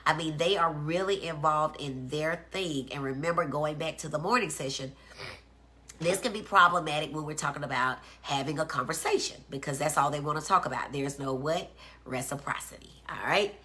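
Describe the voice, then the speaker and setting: On a casual livestream, a woman doctor teaches about autism in a low-pitched, sharp voice at normal speed. She chats as she explains, checks in with viewers using "okay?", and greets them by name.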